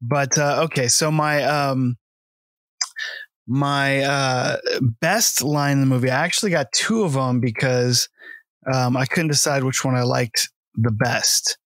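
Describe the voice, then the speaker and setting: A man in a relaxed film discussion, wandering through his stories with constant fillers and bursts of laughter. His voice sits at an ordinary middle pitch and sounds close and dry, with no room around it. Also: unhurried, no room sound. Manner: rambling, laughs often, many fillers and swearing. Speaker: podcast co-host. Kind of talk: casual film review chat.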